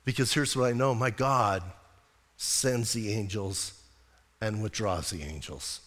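A male pastor giving a sermon in a church, telling stories in a casual, animated way. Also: lowish voice, unhurried. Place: church sanctuary. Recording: long church reverb.

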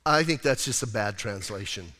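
Bright-voiced pastor preaching in a hall. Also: male voice, fairly low pitch, normal speed. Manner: casual, animated preaching with acted-out quotes. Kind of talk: sermon. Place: church sanctuary.

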